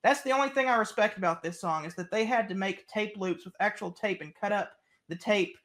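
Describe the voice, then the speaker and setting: A co-host reviewing an album in casual chat, ranting in an animated, exasperated way. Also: mid-range voice, a little fast.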